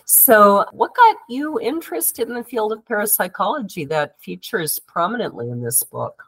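A woman's voice: mid-range voice, expressive, normal speed, a bit bright, no room sound, poor audio. A middle-aged woman hosting an interview in an easygoing, slightly rambling way over a video call. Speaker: podcast host. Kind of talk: relaxed interview chat.

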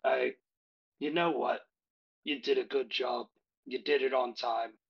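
A gruff, businesslike orc boss of a criminal ring, as a man playing game master puts him on, with a middle-pitched voice that stays close to ordinary speech. The sound is dull and lo-fi, like stream audio. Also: steady tone, a little slow. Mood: approving. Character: scheming male orc crime boss.

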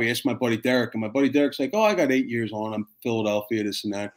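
A fire captain in his fifties telling stories in a casual, animated way, swearing freely and acting out the people in them. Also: mid-range voice, fast talker. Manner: animated, profane, acts out voices in his stories. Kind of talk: casual storytelling chat.

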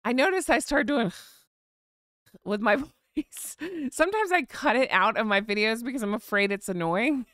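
A woman's voice: on the high side, expressive, measured pace, a bit bright, no echo, studio quality. An American woman hosting a live chat, chatting casually, reading viewer comments and sighing with vocal eye rolls. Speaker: live stream host.

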